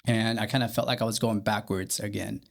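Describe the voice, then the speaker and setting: A young man co-hosting a faith podcast, talking earnestly and haltingly with many fillers. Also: fairly low pitch, steady tone, gravelly. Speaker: podcast co-host. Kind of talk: candid faith podcast chat.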